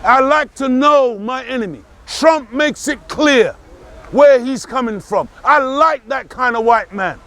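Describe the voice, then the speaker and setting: A man giving a forceful outdoor street speech, repeating phrases for emphasis and shouting at times. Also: very high-pitched, measured pace. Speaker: street speaker. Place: outdoors in a city park.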